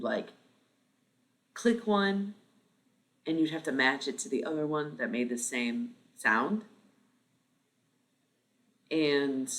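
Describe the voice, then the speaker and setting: Livestream host, casual chat, pitch swings up and down a lot, rambling, cursing, desk mic at home. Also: a bit bright. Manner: rambling, swears freely, laughs often.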